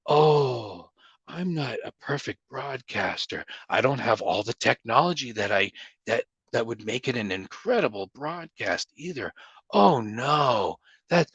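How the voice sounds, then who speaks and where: A man's voice: medium pitch, animated, unhurried, a bit bright, slightly rough, dry recording, muffled recording. A man hosting a casual livestream Q&A, talking in a blunt, opinionated, rambling way. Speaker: livestream host.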